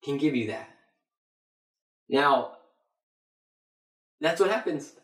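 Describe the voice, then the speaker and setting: A man's voice: a little high, animated, slow pace, fairly bright tone. A man preaching a Bible sermon, emphatic and repeating his phrases for weight. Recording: roomy echo.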